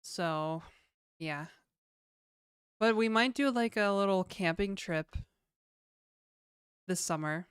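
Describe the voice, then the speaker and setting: A young Canadian woman with a lowish, smooth voice, chatting easily on a livestream. She reads out viewer questions and answers them in a relaxed, offhand way. The sound is close and dry, with no room around it. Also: slow pace, long pauses, no echo. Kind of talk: casual livestream chat.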